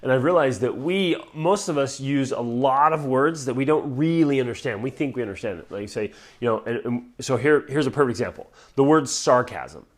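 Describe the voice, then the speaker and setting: Man, podcast host, earnest and direct; leaps to loud emphasis, drops to a near whisper. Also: mid-range voice, fairly quick, hardly any pauses. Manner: animated, swinging from loud emphasis to hushed, near-whispered words; earnest and direct, with many restarts and rhetorical questions. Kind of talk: heartfelt casual talk to listeners.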